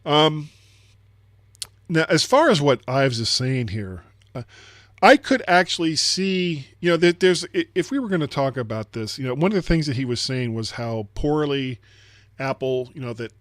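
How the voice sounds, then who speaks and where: A man's voice: mid-range voice, a bit bright, no room sound. Dry-voiced man explaining tech news. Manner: explanatory, repeats words while thinking. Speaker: podcast co-host. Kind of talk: casual tech podcast discussion.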